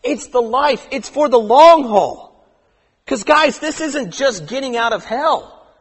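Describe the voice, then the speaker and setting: High-voiced preacher in an echoing hall. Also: male voice, animated, slightly rough. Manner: impassioned, drops to slow quiet emphasis. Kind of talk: sermon. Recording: echoey hall.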